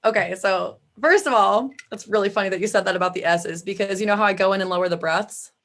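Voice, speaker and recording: A woman's voice: mid-range voice, fast talker, fairly bright tone. Midwestern woman, vocalist guest, chatty and filler-heavy. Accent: Midwestern American. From Midwest US, Chicago area. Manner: chatty, frequent "like" fillers, laughs easily. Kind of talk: casual interview chat.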